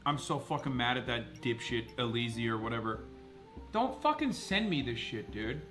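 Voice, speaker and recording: A man's voice: mid-range voice, very animated, moderate pace, fairly bright tone, soft background music. A man streaming live, ranting heatedly at his chat and swearing freely. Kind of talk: livestream reaction rant.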